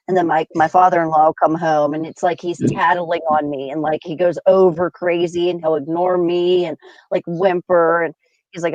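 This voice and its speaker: A chatty woman tells exasperated anecdotes, her lines often fading off softly at the end. Her voice is close and dry, with dull, lo-fi sound. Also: low-pitched, flat delivery, brisk, no echo. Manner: exasperated, chatty, trailing off quietly. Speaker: co-host. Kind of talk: casual comedic storytelling.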